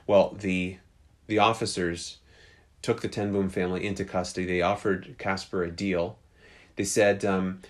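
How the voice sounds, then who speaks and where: A man's voice: deep voice, flat delivery, normal speed. A man preaching, telling a story in an earnest way with frequent restarts. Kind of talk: storytelling sermon.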